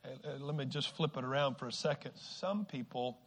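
A man preaching a sermon to a congregation, shifting from quiet, slow stretches to loud exhortation and stumbling over repeated words. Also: mid-range voice. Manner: swings from hushed to shouting exhortation, repeats words; acts out quoted people with sudden shifts.

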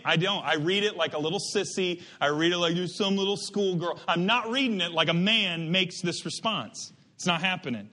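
A man preaching a sermon, animated and emphatic, drifting into asides and restarting his sentences. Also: sits high, normal speed, hardly any pauses. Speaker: pastor.

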